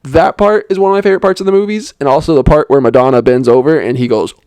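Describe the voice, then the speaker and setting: A man's voice: a little high, quick pace, darkish tone, clean tone, no room sound. A young man giving a sarcastic, rambling comedic movie review, with lots of "like" fillers. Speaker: film reviewer. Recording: dry voice-over.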